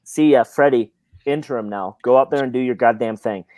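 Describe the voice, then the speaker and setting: A man hosting a casual football podcast, animated, his pitch jumping up when he stresses a point and often repeating words as he thinks. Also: fairly quick, no room sound. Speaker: podcast host. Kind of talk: casual chat.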